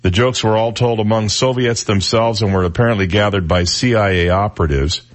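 Male radio host, low voice, dry, sarcastic, casual talk chat. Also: brisk. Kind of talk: talk radio chat, reading jokes aloud.

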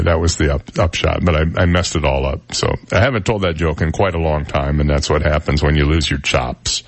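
A low-voiced man hosting a radio talk show in a dry studio sound. He rambles through old jokes and pokes fun at himself when he loses his place. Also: brisk, hardly any pauses, dry recording. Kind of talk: casual on-air chat and joke telling.

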